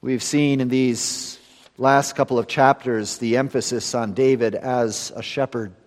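A man preaches a Sunday sermon with a voice pitched in the middle. He swings between emphatic, ringing lines and quiet, hushed endings. The sound carries a long reverberant tail from the church around him. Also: steady tone, unhurried. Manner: earnest, rising to emphatic then dropping to hushed.

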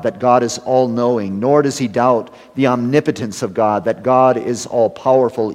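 A pastor delivers a sermon in an even, deliberate cadence. His phrases fade off softly, then he climbs louder when he stresses a point. His voice carries a long reverb, as if in a large church sanctuary. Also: mid-range voice. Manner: measured preaching, trailing off at phrase ends, rising loud for emphasis.

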